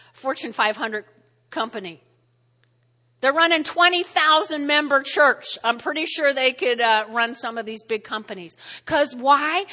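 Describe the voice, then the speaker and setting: A middle-aged woman pastor with a New Jersey accent preaching a sermon, energetic and checking in with the congregation. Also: high voice, long reverb tail. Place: church sanctuary.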